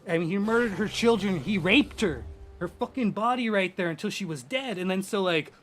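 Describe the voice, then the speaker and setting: A young man, a game streamer, rambling in excitable, profane casual chat at his home gaming setup on a desk microphone. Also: sits high, brisk.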